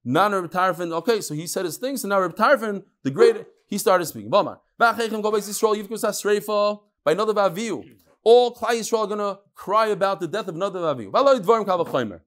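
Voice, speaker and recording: A man teaching a text class who reads passages aloud, then explains them in relaxed talk and tells stories. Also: sits high, fast talker. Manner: storytelling, acts out quoted voices. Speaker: Talmud teacher. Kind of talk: Talmud class lecture.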